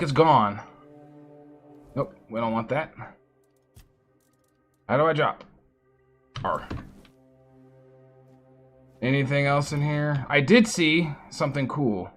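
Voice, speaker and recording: A man streaming a fantasy role-playing game, commenting casually and excitably and swearing freely as he reacts to the game. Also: fairly high pitch, measured pace, pauses often, faint music behind. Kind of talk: live gameplay commentary.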